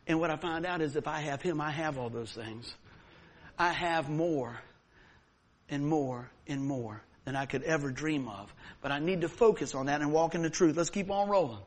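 A middle-aged man preaching a sermon as pastor, telling stories with sudden loud whoops. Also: a little high, expressive, normal speed.

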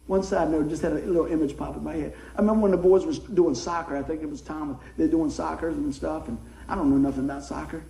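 A middle-aged man preaching a folksy sermon, swinging from soft asides to excited shouts. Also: fairly high pitch, quick pace, creaky, few pauses, reverberant, rough recording. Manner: folksy, animated, rises to excited shouts then drops soft. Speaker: pastor. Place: church sanctuary.

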